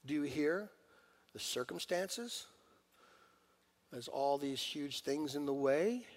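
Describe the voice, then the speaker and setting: Animated male preacher, loud then hushed. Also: a little high, takes it slowly. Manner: animated, swings from loud urging to hushed intimacy. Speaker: pastor. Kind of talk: sermon.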